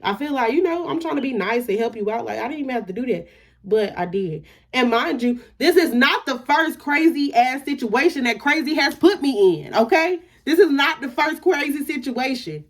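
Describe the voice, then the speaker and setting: A young woman with a high, expressive voice tells a storytime on her vlog at a moderate pace. She's indignant and emphatic, swears freely, and trails off into "da, da, da" whenever she skips details.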